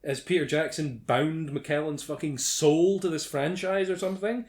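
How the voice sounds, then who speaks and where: A man's voice: a little high, steady tone, moderate pace, few pauses, a little mellow. A man hosting a casual movie commentary, reading out trivia with sardonic, sweary mock outrage. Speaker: podcast host reading film trivia.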